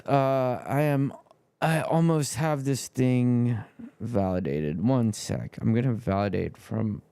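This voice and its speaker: Slow, gravelly male streamer. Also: mid-range voice, dark tone, no echo. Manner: mutters to himself while fiddling with stream settings. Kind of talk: casual livestream chatter.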